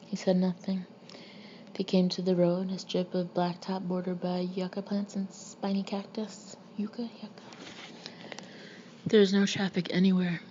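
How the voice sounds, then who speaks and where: A woman reading a novel aloud in a measured, even manner. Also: fairly low pitch. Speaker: audiobook reader. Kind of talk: scripted narration. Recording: muffled lo-fi recording with faint hiss.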